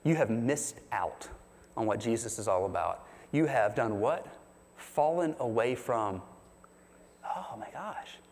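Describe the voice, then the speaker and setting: A man preaching a sermon as pastor, chatty and animated, asking the congregation questions. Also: medium pitch, slow, a little hiss or hum. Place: church sanctuary. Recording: long reverb of a large hall.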